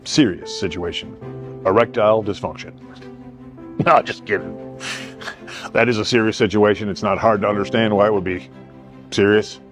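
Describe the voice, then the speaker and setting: A man's voice: on the low side, fairly even intonation, normal speed, pauses often, fairly bright tone, faint music behind. Car-lot owner doing his own off-the-cuff ad, cracks himself up, keeps losing the thread. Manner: rambling, laughs often, self-interrupting. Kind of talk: joking improvised commercial spiel.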